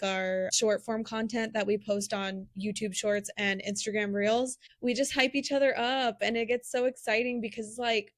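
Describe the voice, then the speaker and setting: A woman's voice: medium pitch, no echo. A young adult woman co-hosting a casual podcast chat, earnest and upbeat, laughing easily. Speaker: podcast co-host.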